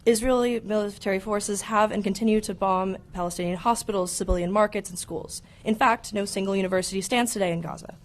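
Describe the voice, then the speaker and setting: A woman's voice: mid-range voice, quick pace, hardly any pauses. A young woman giving an earnest public comment at a county commission meeting. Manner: earnest, becomes emotional.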